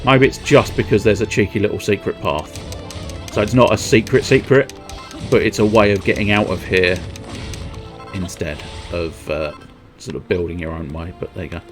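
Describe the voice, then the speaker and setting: A man chatting to himself while streaming a video game, in rambling, quiet, self-amused asides. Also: sits low, moderate pace, over music. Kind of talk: casual game commentary.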